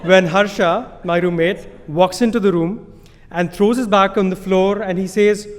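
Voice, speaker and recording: High-voiced Indian man telling a story. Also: fairly even intonation, normal speed. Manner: amused, self-deprecating, chuckling between lines. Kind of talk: live storytelling on stage. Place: stage in a large hall. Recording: live hall with long reverb.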